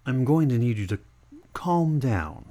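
A patient police interviewer in a radio drama, whose voice is very low for a woman. She is firm and steady as she takes a statement. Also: a little slow, exaggerated voice.

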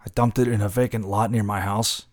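A man's voice: lowish voice, steady tone, brisk, no echo, studio quality, close to an everyday voice. A man playing a bitter newsstand vendor confessing a killing in a radio drama, profane and agitated. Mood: haunted.

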